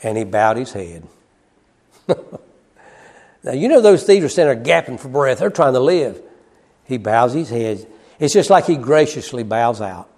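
A man preaching a sermon. He swings from loud, high cries to hushed low asides, repeating phrases and chuckling as he goes. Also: expressive, normal speed, pauses often.

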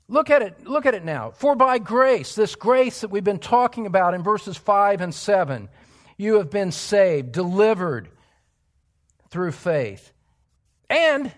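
A male pastor preaching an expository sermon in a church, emphatic, dropping to hushed asides and rising to loud exclamations. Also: high voice.

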